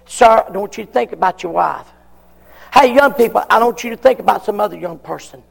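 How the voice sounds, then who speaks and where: A man preaching a sermon, emphatic, repeating his questions with long pauses. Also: sits high, gravelly, slightly rough, long reverb tail. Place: church.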